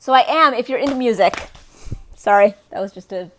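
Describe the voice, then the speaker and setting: Woman, live streamer, casual rambling chat, slightly tipsy, fairly high voice. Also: a little fast, a bit bright, a little hiss or hum. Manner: rambling, playful, sings snatches of tunes. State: a little tipsy.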